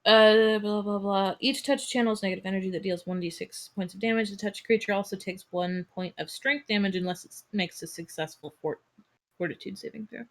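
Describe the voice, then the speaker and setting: A woman's voice: mid-range voice, a little fast. A woman playing a tabletop game with friends. She talks through her moves in a chatty way and reads the rules aloud, laughing as she goes. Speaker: player.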